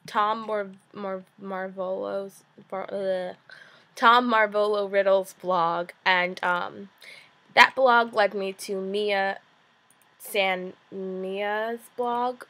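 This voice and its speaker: A young woman with a New Jersey accent talks to her camera in a loose, casual ramble. She giggles often and fills her pauses with ums and you-knows. Her voice sits at an ordinary, middle pitch for a woman. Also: fairly even intonation, fairly bright tone. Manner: rambling and giggly, with many fillers. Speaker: vlogger.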